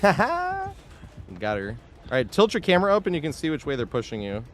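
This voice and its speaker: A man's voice: on the high side, huge pitch swings, brisk, a little hiss or hum. A man streaming a game live, chatting casually with viewers, swearing freely, laughing often and thanking supporters as he plays. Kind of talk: live gameplay commentary.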